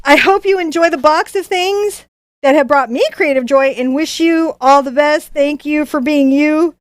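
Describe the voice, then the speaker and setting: A woman's voice: sits high, normal speed, no echo, natural voice. A woman reading a note aloud as a cheerful male artist, in a weak attempt at an Australian accent. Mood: earnest.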